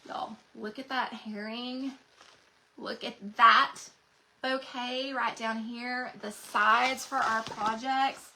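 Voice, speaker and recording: A woman hosting a craft livestream, gushing excitedly to her viewers as she shows off new transfers. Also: fairly high pitch, slow pace, gravelly, slight background noise. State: recovering from being sick. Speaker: craft channel host.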